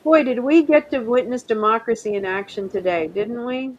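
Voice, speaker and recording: A woman's voice: fairly high pitch, normal speed, muffled recording. A middle-aged woman hosting a casual live stream, rambling and chatty, often laughing and trying out French words. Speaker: livestream host.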